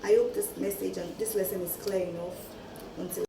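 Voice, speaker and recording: A woman teacher giving a classroom lesson, listing her points in a measured way. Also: medium pitch, steady tone, gravelly. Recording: echoey room from far off, background noise.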